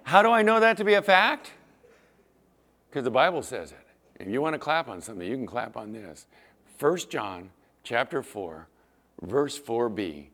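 A man's voice: medium pitch, sing-song, normal speed, long pauses, fairly bright tone. A man preaching a sermon as pastor, acting out Bible scenes in different voices.

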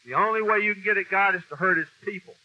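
A fast-talking man with a high-pitched voice preaches an informal sermon, blunt and folksy, with mild swearing and heavy emphasis. It's a dull lo-fi recording made in a meeting room with a mic.

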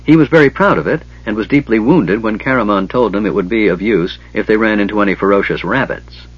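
A man narrating a fantasy audiobook in a measured, even storytelling manner. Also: on the low side, husky. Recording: dull lo-fi recording.

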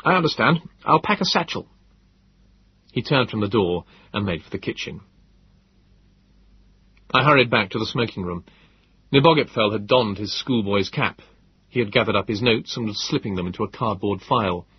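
A man narrating a story in a measured, descriptive way. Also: on the low side, husky, no room sound, muffled recording. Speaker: audiobook narrator. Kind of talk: scripted narration.

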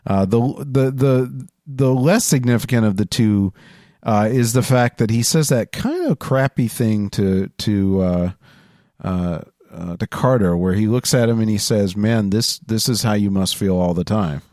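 A man's voice: fairly low pitch, measured pace, warm tone, no room sound, clean studio sound. A man hosting a casual podcast chat, rambling with lots of fillers and restarts. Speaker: podcast host.

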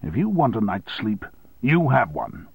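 A man reading an audiobook and voicing a blustering, domineering male newspaper owner who talks loudly and impatiently. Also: sing-song, measured pace, creaky, breathy edge, no echo, exaggerated voice. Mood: forceful. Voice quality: loud, booming. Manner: bullying, impatient.

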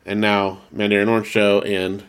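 A man's voice: on the low side, little pitch movement, normal speed, a bit bright, clear, resonant tone. A man co-hosting a casual podcast, rambling and correcting himself as he reads out listener mail. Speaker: podcast co-host. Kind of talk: casual chat.

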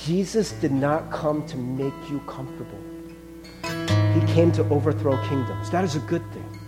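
A man's voice: a little high, normal speed, music in the background. A male pastor preaching a sermon in an earnest, conversational way, often calling the listeners friends.

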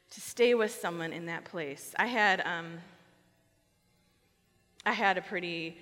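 A middle-aged woman pastor giving a conversational, animated sermon on a microphone, telling a personal story and acting out quoted lines. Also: medium pitch. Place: church sanctuary. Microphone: wearing a microphone. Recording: long reverb of a church hall.

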